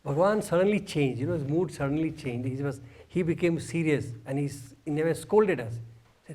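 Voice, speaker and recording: A man telling a lively personal story in a talk, acting out sounds and laughing along. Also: on the high side, normal speed. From India. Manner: animated, mimics sounds, laughs while telling. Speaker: speaker.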